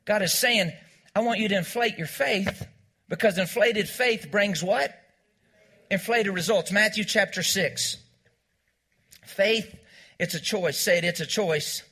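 A pastor with a high, sharp-toned voice preaches in church using call-and-response. He repeats his key lines and asks the congregation to say them back to him.

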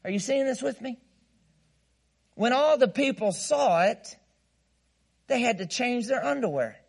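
A man's voice: very high-pitched, animated, measured pace, gravelly, breathy edge. A man preaching a sermon as guest pastor, playful and emphatic, leading the congregation in call-and-response and bursting into mock laughter.

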